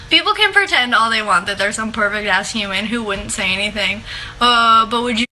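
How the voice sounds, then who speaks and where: A young woman talks into her phone from home in an unhurried, giggly livestream chat. Her voice sits high and sounds very bright and sharp. Faint room ambience hums behind her. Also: slight background noise, poor audio. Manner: giggly, laughs often, filler-heavy chatter. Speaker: online seller hosting a livestream. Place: home apartment.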